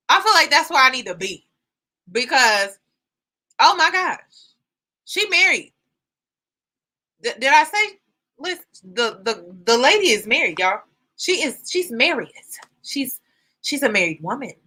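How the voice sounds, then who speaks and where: A woman hosting a live reaction stream, chatting casually and giving shout-outs to her viewers. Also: high voice. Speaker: YouTube host reacting live.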